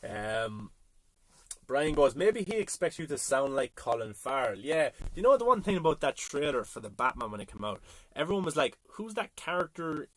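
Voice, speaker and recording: An Irish man hosts a late-night livestream from home, speaking into his phone and rambling casually as he reads viewer comments aloud. His medium-pitched voice swings widely in pitch, with a fairly bright tone at a normal speed.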